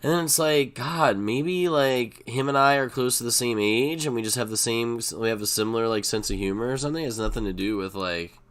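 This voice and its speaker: A man's voice: medium pitch, a little fast, hardly any pauses, a bit bright. A middle-aged man chatting casually and profanely while streaming poker, rambling and getting worked up. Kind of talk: casual live-stream chat.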